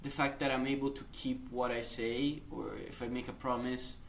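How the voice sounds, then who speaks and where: A young man from Italy with an Italian accent, a podcast guest who talks in an earnest, halting way and laughs often. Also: mid-range voice, little pitch movement, gravelly, a little hiss or hum. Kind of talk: casual conversation.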